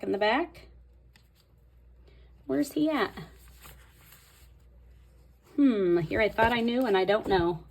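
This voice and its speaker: A woman's voice: medium pitch, breathy edge. A woman host talking casually through a Bible tabbing tutorial, thinking aloud as she marks pages. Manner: chatty, thinking aloud while marking her Bible. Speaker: Bible study video host.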